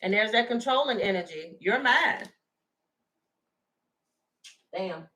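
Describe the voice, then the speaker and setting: A woman's voice: mid-range voice, animated, slow, pushed and bright, poor audio. A woman doing a casual live tarot reading, chatty and laughing, talking straight to her viewers. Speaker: tarot reader.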